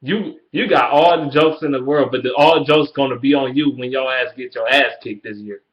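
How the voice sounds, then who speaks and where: A man ranting in a fan video, trash-talking the rival team, swearing freely, and jumping into high mocking sing-song taunts. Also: normal speed. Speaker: sports fan vlogger. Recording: echoey room, dull lo-fi sound.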